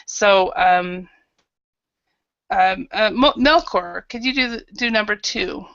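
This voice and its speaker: A woman's voice: mid-range voice, slow, a bit bright, no echo, dull audio. A woman teaching an online English grammar class, patiently calling on students by name and correcting their answers.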